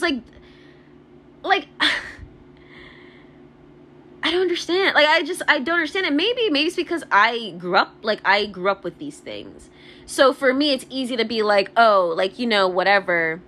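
Young woman ranting on her vlog, high voice, says "like" nonstop, swears a lot. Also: animated, bright, forceful tone. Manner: rapid, profane, filler-heavy ranting with constant "like". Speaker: vlogger.

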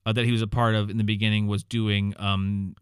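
A man's voice: lowish voice, level tone, brisk, clean tone, no room sound, studio quality. A man co-hosting a podcast, casually recapping a movie with lots of fillers and restarts and acting out the characters' lines. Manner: rambling, filler-heavy, quotes characters in voices. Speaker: podcast co-host.

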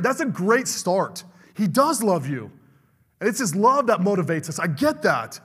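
A man's voice: high-pitched, big pitch swings, unhurried, fairly bright tone, husky, long reverb tail. A middle-aged male pastor preaching a fervent sermon, calling out to the congregation for amens.

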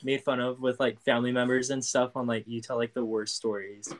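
A man chatting casually on a podcast, rambling a little and poking fun at himself. His voice is of ordinary middle pitch. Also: flat delivery, fairly quick, rough recording. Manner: self-deprecating, rambling. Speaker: podcast co-guest. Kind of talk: casual chat.

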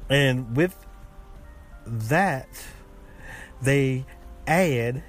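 A man's voice: mid-range voice, drawn-out words, soft background music. A man hosting a casual podcast, chatting in a rambling way with many restarts. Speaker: podcast host. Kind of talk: casual chat.

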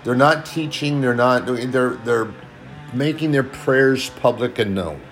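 A man's voice: mid-range voice, a little slow, fairly bright tone, soft background music. A man giving an informal sermon in an earnest, plain-spoken way, turning sharply scolding at times.

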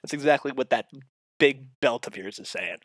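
A man's voice: medium pitch, animated, normal speed, no echo. Profane ranting man, dry close sound. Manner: swings between loud outbursts and muttering asides; heavy swearing, addresses the listener directly. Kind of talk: profane comedic rant.

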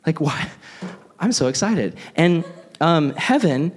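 A man's voice: a little high, lively intonation, takes it slowly. A young man preaching a casual, conversational sermon, animatedly acting out the people in the passage. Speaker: pastor.

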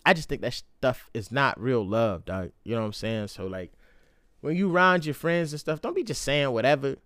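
A young adult man hosting a casual solo podcast, talking in slang and jumping into loud, high voices when he acts out other people. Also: expressive, normal speed, clean tone, dry recording, studio quality. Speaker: podcast host. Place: indoor room.

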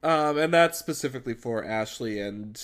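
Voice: mid-range voice, moderate pace. A podcast co-host in their twenties on a video call, dry and sarcastic while recapping a TV episode. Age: 20s. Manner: dry, sarcastic, deadpan jokes. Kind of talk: casual chat recapping a TV episode.

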